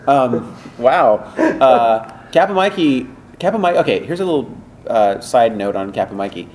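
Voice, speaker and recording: An animated man rambles through studio anecdotes as a podcast guest, his voice sitting at an ordinary middle pitch. He piles up fillers and restarts, and a light hiss of noise sits under the recording. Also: moderate pace. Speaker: voice director and voice actor guest. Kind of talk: casual podcast interview storytelling.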